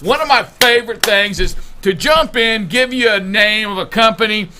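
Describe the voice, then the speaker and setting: A man's voice: high voice, moderate pace, noisy background. A man co-hosting and producing a live talk show, teasing his co-host and joking in casual banter. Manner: teasing, playful, animated.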